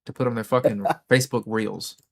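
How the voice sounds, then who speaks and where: A man's voice: fairly even intonation, a little fast, vocal fry. Profane ranting man streaming live. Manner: profane, mocking, puts on high mock voices. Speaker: livestream host. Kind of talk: casual livestream rant.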